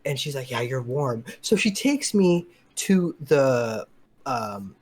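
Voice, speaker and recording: A man's voice: medium pitch, big pitch swings, slow, slight background noise. A young man co-hosting a podcast, telling a long story in a casual, rambling way with lots of fillers and quoted dialogue. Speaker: podcast co-host.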